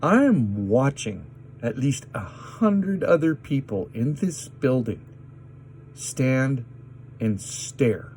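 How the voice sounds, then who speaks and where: Slow-talking, indignant man telling a story. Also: mid-range voice, big pitch swings, a little mellow, slight background noise. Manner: agitated, indignant retelling with pauses. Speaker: vlogger. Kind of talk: personal story told to camera.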